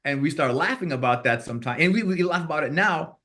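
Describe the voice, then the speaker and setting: A man's voice: a little high, expressive, fast talker, bright, forceful tone. A man being interviewed on a podcast as a boxing manager, telling rambling stories with restarts and quoted back-and-forth dialogue.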